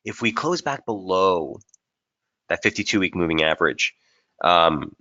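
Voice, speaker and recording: Casual male webinar presenter, low and forceful voice, muffled stream audio, thinks aloud. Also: expressive, unhurried. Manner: casual, thinking aloud with frequent fillers and restarts. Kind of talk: live chart analysis webinar.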